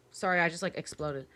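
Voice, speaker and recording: A young woman streaming a game live, gushing over characters, reading lines aloud and joking. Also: lowish voice. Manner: gushing, excitable, reads dialogue aloud and jokes.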